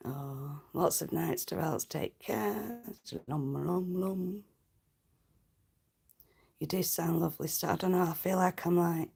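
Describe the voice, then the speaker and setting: Gravelly, husky woman streamer. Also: lowish voice, measured pace, darkish tone. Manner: chatty, laughs often, cheeky banter. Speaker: livestream host. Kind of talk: casual livestream chat with viewers.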